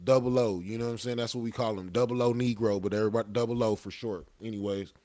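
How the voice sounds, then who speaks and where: A man's voice: on the low side, steady tone, fast talker, darkish tone. A young man telling a story casually as a podcast guest, laid-back and profane, often tagging lines with "you know what I'm saying.".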